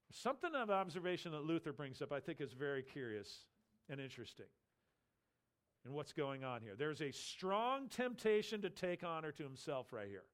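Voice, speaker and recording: A man preaching an expository sermon, explaining a Bible passage and briefly acting out the voices he quotes. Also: fairly high pitch. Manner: animated teaching, acts out quoted voices.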